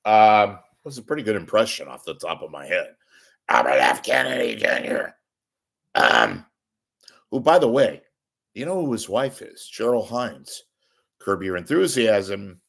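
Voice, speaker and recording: A man hosting his own show, ranting casually to camera in a rambling, wisecracking, profane way, often clearing his throat. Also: fairly low pitch, sing-song, moderate pace. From San Francisco Bay Area. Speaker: host of a media commentary show. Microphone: webcam or camera at desk.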